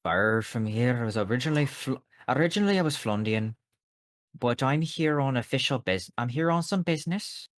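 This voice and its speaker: A man voicing an imposing male traveling investigator who speaks in a gruff, blunt, street-slang way in a tabletop game. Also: mid-range voice, lively intonation, brisk, no room sound, natural voice. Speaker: player.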